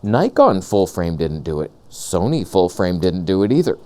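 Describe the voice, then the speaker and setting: A man ranting sarcastically in a comedic vlog, outdoors on a lavalier mic, jumping between high mocking voices and low grumbles. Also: big pitch swings, moderate pace, darkish tone. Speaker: camera vlogger.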